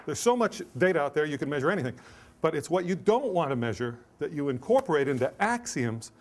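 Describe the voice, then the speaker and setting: A middle-aged man delivers an academic lecture in a voice pitched a little above the usual for men. He talks in a joking, self-deprecating way, tossing in stories and quick asides without waiting for laughs. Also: big pitch swings. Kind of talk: academic lecture with jokes and anecdotes.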